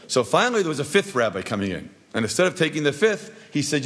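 A man's voice: a little high, big pitch swings, quick pace, few pauses, a bit bright, husky. A man teaching a class, telling anecdotal stories with jokes and asking the audience rhetorical questions. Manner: jokey, anecdotal. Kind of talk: storytelling lesson.

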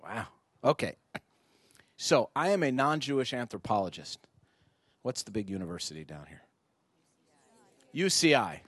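A man's voice: medium pitch, moderate pace, pauses often, slightly rough, no room sound. A middle-aged man giving a rhetorical talk to an audience of parents, acting out bits of dialogue as he goes. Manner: rhetorical, animated, acts out dialogue. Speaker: speaker addressing parents. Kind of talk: lively public talk with audience exchange. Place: indoor venue before an audience.

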